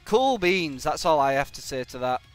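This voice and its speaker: The speaker is a live-streaming gamer whose commentary is jokey, sarcastic and animated, broken up by bursts of exclamations. His voice is a little high at a normal pace, with faint music in the background.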